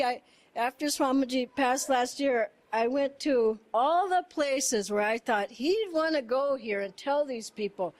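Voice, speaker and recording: A woman with a high voice gives a casual spiritual talk, speaking earnestly about her experiences. Her delivery is animated and heartfelt, and she laughs often and circles back over her own phrases as she tells her stories. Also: a little slow. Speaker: satsang speaker. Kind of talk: informal spiritual storytelling.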